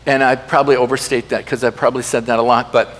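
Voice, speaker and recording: A man preaching a sermon as pastor, lively and humorous, with sudden loud emphasis. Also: medium pitch, fast talker, long reverb tail. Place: church sanctuary.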